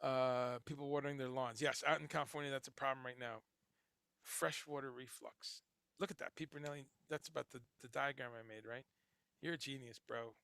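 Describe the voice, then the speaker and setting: A man's voice: medium pitch, fairly even intonation, brisk, gravelly, fairly bright tone, clear, resonant tone, no room sound. A middle-aged man who grew up in Chicago and the Caribbean, hosting a casual livestream, rambling and swearing as he reads chat comments aloud. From grew up in Chicago and Guyana, later New Jersey. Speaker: livestream host.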